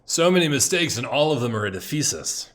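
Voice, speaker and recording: A man giving casual, excitable commentary while playing a strategy game, muttering to himself and swearing when things go wrong. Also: medium pitch, a little fast. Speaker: gameplay commentator.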